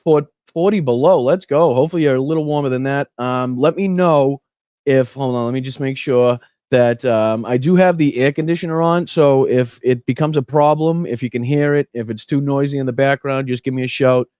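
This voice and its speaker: A man's voice: medium pitch, a little fast, warm tone, no echo. Casual Boston guy hosting a live show. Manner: casual, swears freely, reads out chat names. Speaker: host of a political livestream show. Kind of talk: casual livestream chat. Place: home room with air conditioner running.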